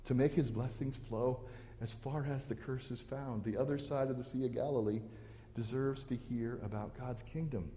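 A man preaches a sermon in a church, his voice mellow and warm at an ordinary pitch. He talks earnestly, often restarting his phrases, and a long reverb from the hall trails each line. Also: fairly even intonation, moderate pace, a little hiss or hum. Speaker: pastor. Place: church sanctuary.

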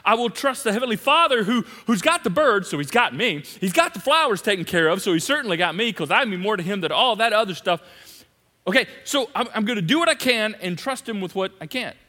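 High bright-voiced preacher in a big hall. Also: male voice, sing-song, a little fast. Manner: swings from loud emphatic repetition to hushed asides. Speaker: pastor. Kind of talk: sermon. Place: large church hall. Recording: long reverb of a big hall.

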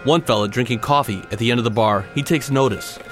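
A man's voice: medium pitch, quick pace, fairly bright tone, faint music behind. A man telling a dramatic personal story in punchy, short clipped phrases.

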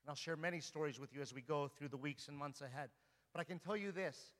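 A male priest delivers a sermon in a church, his voice bright and forceful and a little higher than most men's. He speaks earnestly and keeps turning to his listeners with rhetorical questions. A long reverb from the large hall trails behind every phrase. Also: quick pace. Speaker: Orthodox priest.

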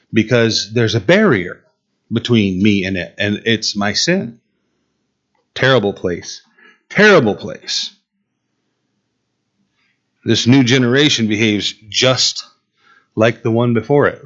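A man's voice: on the low side, lively intonation, slow, pauses often, a bit bright, highs cut off. A man preaching a sermon to a Bible class, emphatic, asking his listeners questions and repeating key phrases. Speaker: pastor teaching a Bible class.

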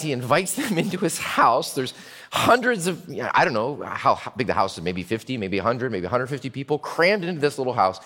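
A male pastor delivers a storytelling sermon with dramatic swings from hushed to loud. His voice sits slightly high. A long hall reverb trails every phrase.

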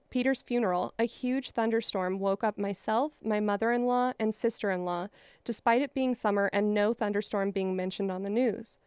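A woman's voice: mid-range voice, a little mellow, smooth, dry recording, studio quality. A woman co-hosting a podcast, reading listener mail aloud with playful asides. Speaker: podcast co-host.

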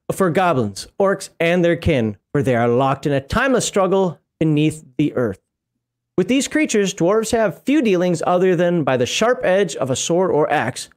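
Guy with a pretty high voice, chatty, reads stuff out then wanders off on tangents. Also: a little mellow. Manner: rambling, stops to laugh and comment. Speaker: podcast co-host reading game lore. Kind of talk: casual chat and reading aloud.

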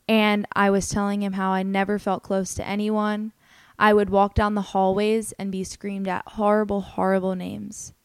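A woman's voice: medium pitch, completely flat delivery, normal speed, clear, resonant tone, no echo. A young adult woman hosting a podcast, telling a personal story in an earnest, candid, emotional way, with many "like" fillers. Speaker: podcast host.

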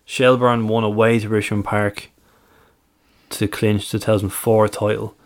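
A man's voice: lowish voice, flat delivery, a little slow. A man co-hosting a casual podcast, methodically reeling off stats, dates and records. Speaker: podcast co-host, stats presenter.

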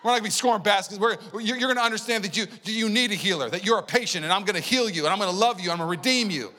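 Casting: a preacher putting on a furious savior, high strained shouting, bright edge. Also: male voice, very fast. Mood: rallying. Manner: shouting, rebuking. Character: fiery scolding male preacher-savior, adult. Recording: long church hall reverb.

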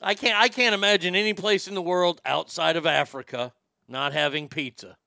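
A man hosting a comedy podcast, delivering an irreverent, rambling monologue with deadpan jokes. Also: high voice, normal speed, gravelly, no room sound, studio quality.

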